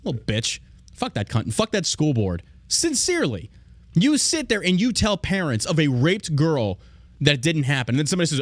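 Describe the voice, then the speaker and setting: A man hosting a podcast rants with heat and plenty of profanity, calling out to his listeners as he goes. His voice sits a bit high for a man and swings widely up and down. The sound is dry and close. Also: big pitch swings, a little fast, dry recording. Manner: heated, profane, emphatic; addresses listeners directly. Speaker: podcast host. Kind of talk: angry podcast rant.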